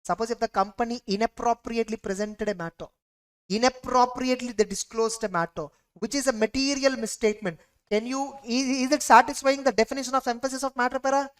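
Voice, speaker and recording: A woman's voice: fairly high pitch, fairly even intonation, fast talker. A woman with an Indian English accent giving an exam revision lecture, emphatic and repeatedly quizzing her students with rhetorical questions. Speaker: audit lecturer.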